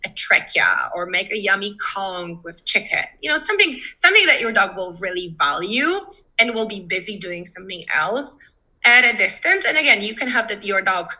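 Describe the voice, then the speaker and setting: A young adult woman dog trainer, explaining advice in an interview in a lively way and acting out little voices as she goes. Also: medium pitch, moderate pace, poor audio.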